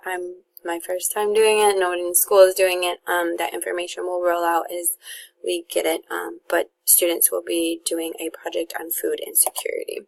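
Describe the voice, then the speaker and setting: A woman's voice: on the low side, flat delivery, normal speed, vocal fry. A young woman, a teacher casually introducing her course to students and parents, with lots of fillers and restarts.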